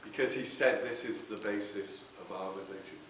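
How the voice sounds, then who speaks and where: A man's voice: lowish voice, normal speed, fairly bright tone. Man preaching in an echoey church hall. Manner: earnest, tag questions with okay. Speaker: reverend speaking at a spiritualist church. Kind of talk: sermon with personal testimony. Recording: very echoey hall, distant mic, faint hiss.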